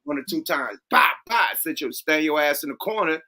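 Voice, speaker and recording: Loud, profane podcast host, man. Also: lively intonation, normal speed. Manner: loud, profane, acts out voices with big pitch jumps. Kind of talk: casual chat.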